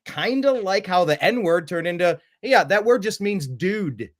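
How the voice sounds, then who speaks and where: Animated male sports podcast host. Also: sits high, measured pace. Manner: animated, jumps into mocking voices. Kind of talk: casual sports chat.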